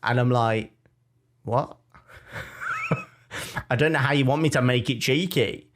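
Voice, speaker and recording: A young man with a Birmingham accent, co-hosting a podcast in casual chat, animated and jokey as he tells stories. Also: mid-range voice, slow. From Birmingham, England. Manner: animated, jokey storytelling with mock-defiant asides. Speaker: podcast co-host.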